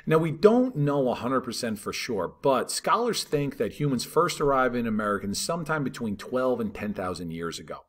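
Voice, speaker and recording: A man teaching a history lesson in a relaxed, conversational way, talking over maps and checking in with "right?" and "all right". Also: mid-range voice, normal speed, few pauses.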